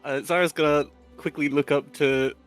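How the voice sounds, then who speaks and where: A man playing a tabletop game, speaking hesitantly with many pauses and slipping into a playful in-character voice. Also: fairly high pitch, fairly even intonation, clean tone, faint music behind. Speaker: player. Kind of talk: tabletop role-play.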